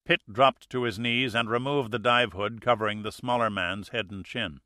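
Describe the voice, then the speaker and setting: A man narrating a thriller audiobook in a steady, measured way. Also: fairly low pitch, no echo, clean studio sound. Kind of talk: scripted narration.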